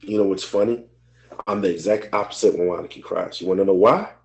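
A man's voice: deep voice, fast, poor audio. A man co-hosting a podcast, talking openly and emotionally in casual chat, swearing freely. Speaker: podcast co-host.

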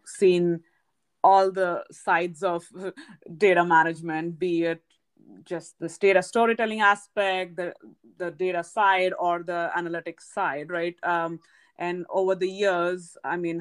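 A woman hosting an interview podcast, speaking in a measured, affirming way and often checking in with her guest. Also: on the low side. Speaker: podcast host. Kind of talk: conversational interview.

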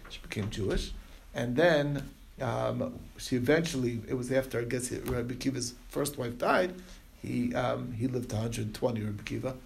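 A man's voice: mid-range voice, moderate pace, gravelly, a little hiss or hum. A man teaching an informal Talmud class, retelling stories loosely with many fillers and restarts. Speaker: Torah teacher.

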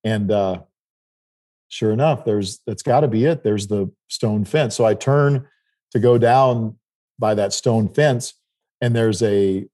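Mellow-voiced man telling a story. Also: on the low side, slow. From South Dakota, United States. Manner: rambling anecdotal storytelling with restarts. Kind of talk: casual storytelling.

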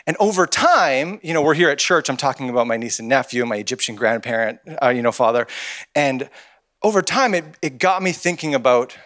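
A man giving a sermon in a church, telling a personal story with animated, humorous delivery. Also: medium pitch, fairly quick. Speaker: church speaker.

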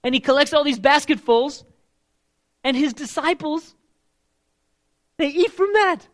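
A young man preaching a casual, conversational sermon, emphatic and swinging between loud and hushed delivery. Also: extremely high pitch, animated, a little slow.

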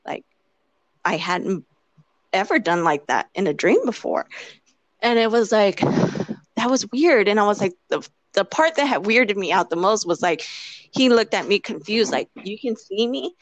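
A woman's voice: mid-range voice, lively intonation, normal speed, no echo. A woman telling a personal story in casual chat. She rambles with lots of "like" fillers and acts out the quoted lines. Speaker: interviewee.

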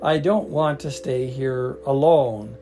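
A nervous, clumsy schoolboy begs not to be left alone, as a man reads him aloud. The reading is slow, with faint music underneath. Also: medium pitch, dark tone. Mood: pleading. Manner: pleading, nervous.

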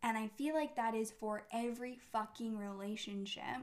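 A woman's voice: fairly high pitch, moderate pace. A woman co-hosting a podcast, speaking candidly and thoughtfully in casual conversation, with the odd swear word. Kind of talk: casual chat.

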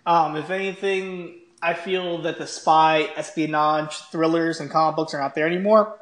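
A man's voice: fairly high pitch, fairly even intonation, moderate pace, a bit bright, reverberant. A man co-hosting a podcast, talking casually and enthusiastically in long run-on thoughts. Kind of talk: casual chat.

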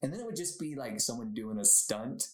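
Chatting casually on his solo podcast, a young man goes off on tangents and laughs often, his mid-range voice sing-song and a little fast. The room he records in is echoey.

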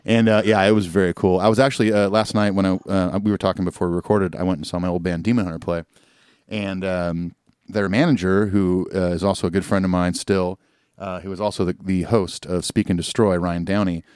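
A man in his forties hosting a podcast, telling stories in quick casual chat. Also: low-pitched, fairly even intonation, a little mellow, clear, resonant tone, no echo, clean studio sound. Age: 40s. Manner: quick, chatty storyteller. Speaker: podcast host.

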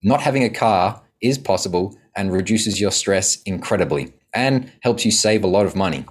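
A man's voice: on the low side, expressive, normal speed, husky. A man in an earnest, reflective way telling a podcast host about his travels and work as a coach. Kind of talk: conversational storytelling.

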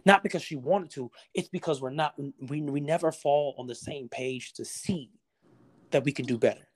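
A man's voice: a little high, moderate pace. A man talking as a podcast guest, passionate and preacher-like, acting out the voices he quotes. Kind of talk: casual motivational conversation.

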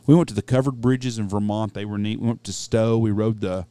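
A man's voice: on the low side, steady tone, a little fast, dark tone, clean tone, dry recording. A middle-aged man from Texas with a Texan accent, co-hosting a casual podcast and telling rambling, salty stories. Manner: rambling profane storyteller. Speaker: podcast co-host. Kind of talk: casual chat.

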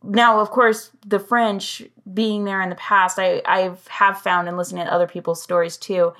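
Young woman podcast host, medium pitch, chatty and upbeat, asks lots of follow ups. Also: flat delivery, normal speed, fairly bright tone. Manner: chatty and upbeat, reacting and asking follow-up questions. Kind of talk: casual podcast chat.

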